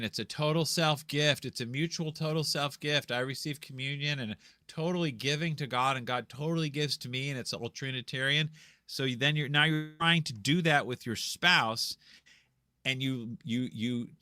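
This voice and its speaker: On a video call from a home room with a green screen, a man with a medium-pitched, pushed, bright voice and no echo explains canon law. His casual, rambling explanation is full of restarts and repeated words.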